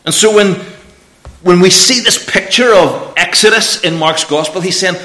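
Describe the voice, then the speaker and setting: A man preaching a lively children's talk in church, asking the children questions. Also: sits high, normal speed. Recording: echoey church room.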